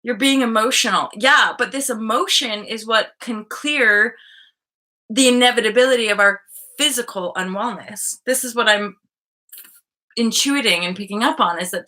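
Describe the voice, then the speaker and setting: A woman's voice: medium pitch, normal speed, sharp tone. A woman hosting a live online show, talking frankly and casually, thinking aloud with many fillers and the odd swear word. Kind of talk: casual live-stream talk on spiritual healing.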